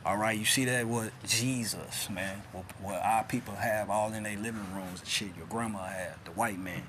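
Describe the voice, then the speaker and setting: A man teaches scripture in a loose, streetwise way, with "man" and "all right?" scattered through his talk. His delivery is insistent. It swings from raised emphasis down to low, muttered asides, with a faint hiss behind him. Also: steady tone, moderate pace. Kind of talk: informal bible teaching.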